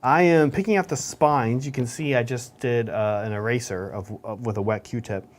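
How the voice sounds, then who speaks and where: Guy talking through his painting as he goes, easygoing, normal pitch. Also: moderate pace. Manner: chatty, explains steps as he works. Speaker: co-host painting miniatures. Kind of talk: casual hobby chat while painting.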